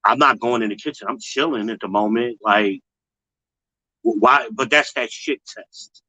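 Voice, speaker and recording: A man hosting a casual commentary livestream, blunt and slangy, talking straight to his viewers and mocking others in high put-on voices. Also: normal speed, sharp tone, no echo, poor audio. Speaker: host.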